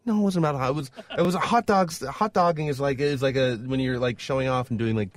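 A man comedian co-hosting a casual comedy talk show, rambling with many halting fillers. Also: medium pitch, no room sound. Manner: rambling, halting, slips into goofy bits. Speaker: co-host, comedian. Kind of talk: casual comedy podcast banter.

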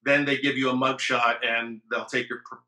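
A man's voice: medium pitch, little pitch movement, moderate pace, sharp tone, echoey room, poor audio. A man, a podcast host, telling a rambling story in casual chat, swearing freely.

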